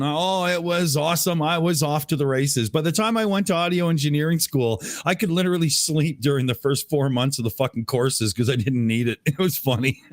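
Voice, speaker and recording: A middle-aged man from Canada hosting a casual live show, chatty, cursing freely and laughing often. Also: a little high. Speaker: show host. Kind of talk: casual livestream chat.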